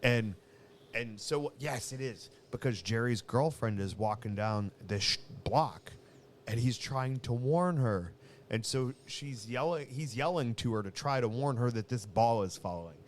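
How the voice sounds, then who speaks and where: A man's voice: mid-range voice, expressive, unhurried, a little hiss or hum. A man co-hosting a podcast, telling rambling stories in casual chat. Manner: rambling storyteller, acts out quoted voices. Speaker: podcast co-host.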